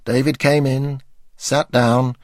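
A man's voice: medium pitch, flat delivery, takes it slowly, a little mellow, no echo. An older man reading his memoir aloud with dry, wry understatement. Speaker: memoir narrator.

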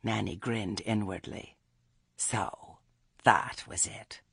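Male narrator, husky, animated, wry, dry close studio sound. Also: fairly low pitch, slow, dry recording, in a whisper. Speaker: audiobook narrator. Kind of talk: scripted narration.

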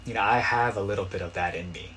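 Man, pastor, sermon, lowish voice, conversational, impassioned, faint background hum. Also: fast. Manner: conversational preaching that swells to loud pleading cries.

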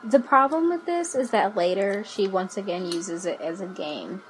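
A woman co-hosting a podcast, frank and wry, with a self-mocking edge. Her voice sits at an ordinary middle pitch. A faint hiss of ambience runs under the recording. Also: animated, moderate pace, rough recording. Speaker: podcast co-host. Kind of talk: casual chat recapping a TV episode.

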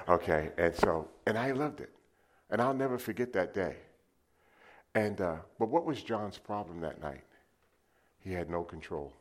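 A man preaching a sermon, telling lively stories and acting them out with sound effects. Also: sits low, brisk. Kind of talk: sermon with storytelling.

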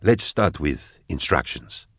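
A stern, cold interrogator who lays down his words slowly and deliberately, deep in a low register, as a male narrator puts him on. The reading is close and dry, like an audiobook. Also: very animated, breathy edge, no room sound, full character voice.

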